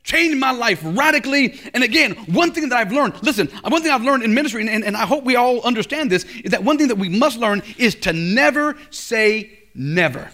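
A middle-aged male pastor preaching a sermon at a college chapel, telling stories with big swings from loud to hushed. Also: very high voice, expressive, fairly quick, hardly any pauses.

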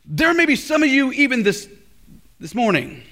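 Middle-aged male pastor, high voice, bright tone, animated sermon storytelling, loud to hushed. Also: moderate pace. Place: college chapel service.

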